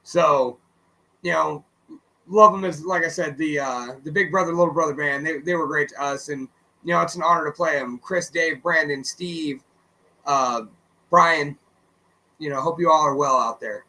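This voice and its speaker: A man with a high, bright, ringing voice tells stories on a radio talk show. He is loose and profane, and he slips into the voices of the people he quotes. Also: normal speed, low-quality recording. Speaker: co-host and musician. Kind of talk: casual radio chat, storytelling.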